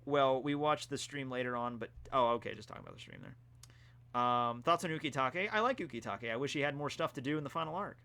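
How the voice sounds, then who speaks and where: Young guy rambling thru stream questions, bright forceful voice, laid back. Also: mid-range voice, a little fast, gravelly. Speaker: streamer answering chat questions. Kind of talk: casual live-stream chat.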